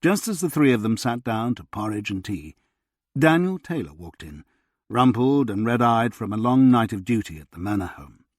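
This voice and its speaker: An audiobook narrator reads a historical novel from a script, measured and expressive. His voice is mid-range, and the recording is dry and studio quality.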